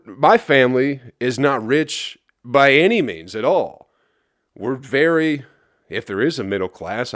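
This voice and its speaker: A man's voice: medium pitch, no room sound, studio quality. A hungover man from Flint, Michigan, hosting his own podcast, ranting in a profane, exasperated ramble. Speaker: comedian podcast host. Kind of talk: solo rambling podcast rant.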